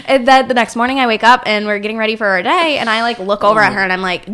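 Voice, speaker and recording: A woman guest in a studio telling a story in a casual chat, animated and full of fillers. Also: fairly high pitch, quick pace, hardly any pauses.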